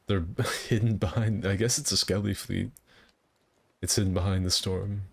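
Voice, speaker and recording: A man's voice: low-pitched, fairly even intonation, moderate pace, creaky. A man chatting casually while he streams a game, rambling and self-deprecating. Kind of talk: casual gameplay commentary.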